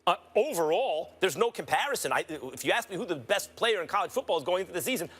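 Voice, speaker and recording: A man co-hosting a heated studio sports debate, insistent and quick with numbers. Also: sits high, big pitch swings, a bit bright, slightly rough. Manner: fast, insistent, stat-heavy argument.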